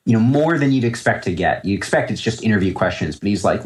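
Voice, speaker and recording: Guest trader, man in his thirties, deep voice, thinks aloud, restarts often, casual podcast answers. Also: lively intonation, quick pace. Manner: reflective, rambling with many fillers and restarts.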